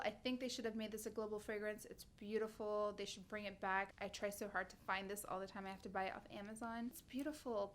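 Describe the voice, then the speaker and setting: A woman in her thirties chats to the camera in a casual vlog, pitched a little high. She gushes with excitement and now and then stumbles over a word before carrying on. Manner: gushing and enthusiastic, trips over names. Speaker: beauty vlogger reviewing perfumes.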